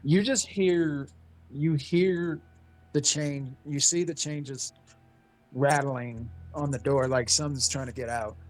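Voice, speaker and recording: Slow-talking laid-back game master man. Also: on the high side, steady tone. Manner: casual, laughing, swearing. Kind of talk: narrating a tabletop horror game.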